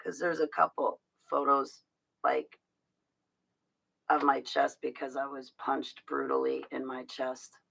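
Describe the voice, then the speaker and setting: Gravelly, forceful woman chatting on a livestream. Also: rumbling low, little pitch movement, slow, rough recording. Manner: rambling, confiding, emotional, with frequent laughs and restarts. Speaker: livestream host talking to her chat. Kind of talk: casual livestream chat.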